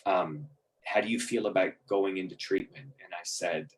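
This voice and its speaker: A man's voice: deep voice, fairly even intonation, normal speed, poor audio. Candid middle-aged man telling his story. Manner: candid and conversational, with frequent ums and restarts; emotional, chokes up at moments. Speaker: speaker sharing his recovery story. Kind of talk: personal storytelling.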